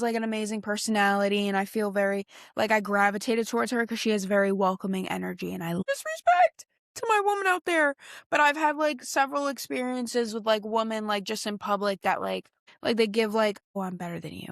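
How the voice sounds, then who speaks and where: A woman's voice: medium pitch, vocal fry, no echo, studio quality. A young woman hosting a podcast, chatting casually in a rambling, slangy way, reacting to clips. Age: young adult. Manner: rambling, slangy, many fillers and restarts. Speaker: podcast host.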